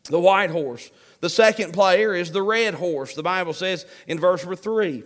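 A man's voice: high voice, moderate pace. A man preaching a sermon, emphatic and repeating key phrases to his congregation.

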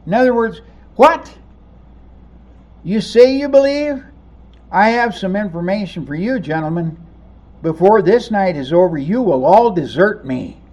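A man preaching a sermon, animated, acting out the voices of people in the story as he teaches. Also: high-pitched, normal speed. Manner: animated, acts out voices of the crowd and disciples. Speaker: pastor.

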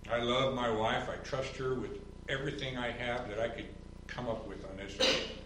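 A man preaching a sermon as pastor, building from calm reasoning to loud, rising emphasis and mimicking others in a higher voice. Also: normal speed, reverberant, distant mic, noisy background. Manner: mocking quotes in a higher voice.

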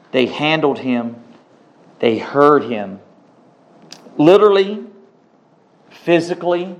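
A man preaching a sermon, slow and emphatic, repeating key words for weight. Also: fairly high pitch. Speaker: pastor.

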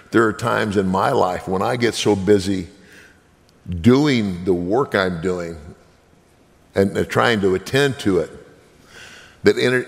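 Man, minister, earnest testimony; deep, rough voice in a reverberant church. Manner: earnest, preaching, direct appeals to listeners. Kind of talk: sermon testimony.

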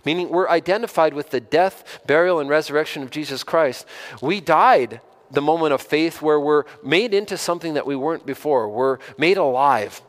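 A man's voice: a little high, normal speed. A man preaching a sermon in a conversational way, often repeating words and putting direct questions to his listeners, then building to emphatic stresses. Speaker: pastor.

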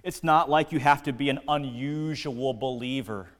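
A man preaching a sermon as pastor, earnest and deliberate, dropping to quiet lines and rising to emphatic ones. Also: mid-range voice, long reverb tail. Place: church sanctuary.

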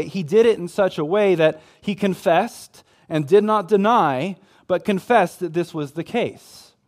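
Higher-voiced man teaching scripture. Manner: measured, emphatic, repeats phrases for stress. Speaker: Bible teacher. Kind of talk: expository sermon.

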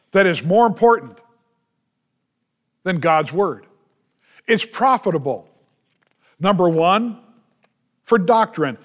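A man with a high voice preaches slowly and deliberately. He leans on repeated refrains and asks his listeners rhetorical questions, pressing each point home. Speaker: pastor. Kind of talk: sermon.

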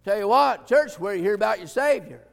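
Male preacher, high gravelly voice, folksy and emphatic, sermon in a reverberant church hall. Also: lively intonation, fairly quick. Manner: folksy, emphatic, swings from quiet asides to shouted points.

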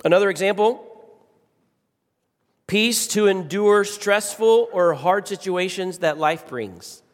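A man's voice: high-pitched, slow. A middle-aged man preaching a sermon to his congregation, emphatic and repeating key phrases as he shifts his pace and volume. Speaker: pastor. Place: church sanctuary. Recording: long reverb of a church hall.

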